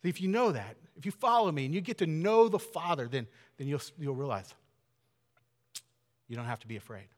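An earnest male pastor preaches in a casual, conversational way, now and then sinking to a near-whisper to make a point. His voice sits fairly high and echoes through a church auditorium with a long reverb. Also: lively intonation, brisk. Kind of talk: sermon.

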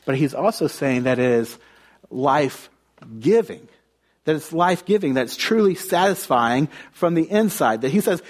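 A young man from the United States preaches in a loose, conversational way. His voice sits a little high for a man, and he tells stories, often restarting his phrases mid-thought. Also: lively intonation, a little slow. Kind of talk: sermon.

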